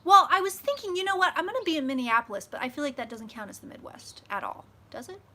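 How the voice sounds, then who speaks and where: A woman chatting casually with her viewers on a live stream, swearing freely and swinging loud and soft as she talks. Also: high-pitched, expressive, fast. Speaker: psychic vlogger hosting a live stream.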